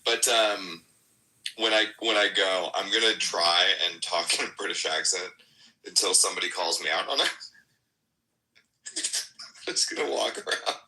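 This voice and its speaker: A man's voice: deep voice, normal speed, pauses often, bright, forceful tone, rough recording. A young American man in loose casual podcast chat, laughing often and swearing freely.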